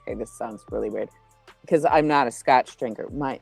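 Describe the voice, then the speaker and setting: A woman's voice: a bass voice, normal speed, vocal fry, a little mellow, breathy edge, faint music behind. A woman joining a casual livestream chat, playful, with dry jokes and family stories. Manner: playful, dry humor, tells family anecdotes. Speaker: co-host guest on stream.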